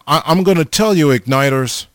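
A man preaching an informal sermon, slow and halting, often pausing and restarting as he addresses his listeners. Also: a little high, no echo. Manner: slow, halting, repeats the audience name often.

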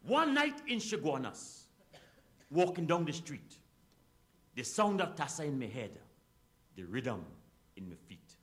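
A Trinidadian man half-sings a rhymed comic tale in a rhythmic, sing-song style. His voice is high and very bright. It leaps all over his range. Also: very animated, unhurried, pauses often, a little hiss or hum. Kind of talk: rhymed comic calypso recitation.

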